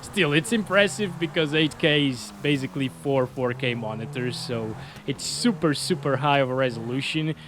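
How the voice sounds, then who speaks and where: A man hosting a gaming channel, giving casual, chatty gameplay commentary that is excitable and full of laughter. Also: mid-range voice, normal speed, background noise.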